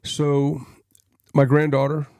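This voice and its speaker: An older man with a gravelly, dark voice tells his life story in an earnest, plain-spoken way, now and then putting on the voices of people he quotes. The sound is dry and close, with no room echo. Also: on the high side, completely flat delivery, takes it slowly. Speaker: guest.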